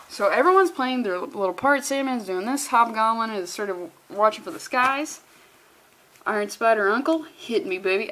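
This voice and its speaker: A young woman rambles through a comic book review in a casual vlog. She is sarcastic and swears freely. Her voice sits a little high for a woman. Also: lively intonation, moderate pace, fairly bright tone.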